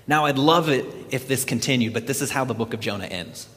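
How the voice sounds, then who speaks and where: A man preaching a sermon, retelling a scripture story in an animated storytelling way. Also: mid-range voice, brisk, few pauses, long reverb tail. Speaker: pastor.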